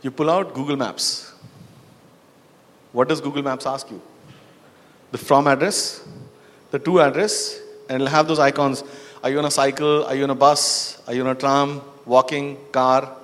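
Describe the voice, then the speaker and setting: A man's voice: mid-range voice, steady tone, moderate pace, long pauses, fairly bright tone. Man speaking in a reverberant hall. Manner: conversational, asks the audience questions, frequent "you know" and "right". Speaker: conference speaker. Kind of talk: storytelling talk to an audience.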